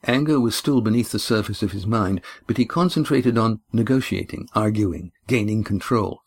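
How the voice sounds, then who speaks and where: A man narrates a novel in an even, measured storytelling voice, shifting only lightly for the characters. His voice sits low and carries a husky edge. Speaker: audiobook narrator.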